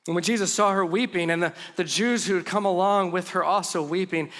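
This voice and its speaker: High-voiced animated male preacher. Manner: animated storytelling, drops to hushed tones for emphasis; humorous asides. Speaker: pastor. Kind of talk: conversational sermon.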